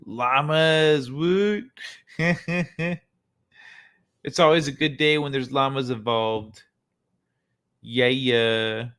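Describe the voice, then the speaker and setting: A man's voice: mid-range voice, extremely slow, pauses often, fairly bright tone, clear, resonant tone. A man hosting a casual livestream, reacting to clips in a laid-back way, laughing often and swearing freely. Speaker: livestream host.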